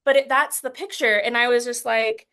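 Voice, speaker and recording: A fairly high-voiced woman in her thirties speaks as an interview guest. She talks in an earnest, halting way, restarting sentences often and at times growing emotional as she recounts hard memories. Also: steady tone, bright, forceful tone. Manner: gets emotional while recounting.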